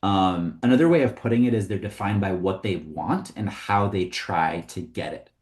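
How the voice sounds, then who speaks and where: A man teaching comedy writing in a casual, conversational way, often pausing with "um" and "like". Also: deep voice, darkish tone. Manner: conversational, with frequent ums and likes. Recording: roomy echo.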